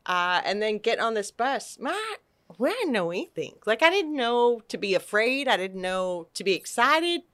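A middle-aged woman from Texas telling an animated personal story on a podcast, acting out quotes and restarting her sentences. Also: a little high, moderate pace. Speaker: podcast guest. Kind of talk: casual storytelling.

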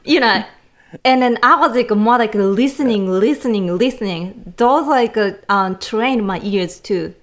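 Woman guest, slow searching talk w lots of ums. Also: on the high side. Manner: hesitant, many fillers. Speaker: guest, cellist. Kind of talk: casual interview talk.

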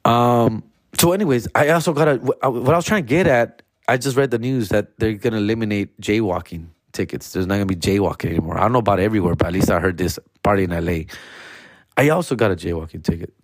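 A man's voice: fairly low pitch, fast talker, no room sound, studio quality. Slangy Los man telling stories. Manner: loose, profane, slangy, swings into animated impressions. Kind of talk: casual comedic storytelling.

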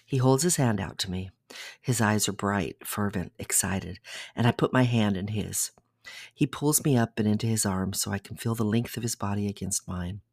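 A podcast host reading an erotic audiobook aloud in a soft, intimate way that slips into whispers. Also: sits low, moderate pace, gravelly, no echo, studio quality. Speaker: podcast storyteller.

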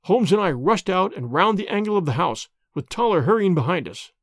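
Guy reading an old detective story, lively up-and-down voice, dry close mic. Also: high-pitched, a little fast, no room sound. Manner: expressive, dramatic. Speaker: narrator.

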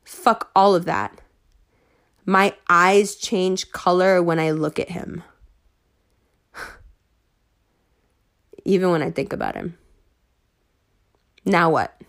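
A woman ranting to her followers, heated and sarcastic, swearing freely and at times rising almost to shouting. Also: lowish voice, takes it slowly, long pauses. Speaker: online commentator.

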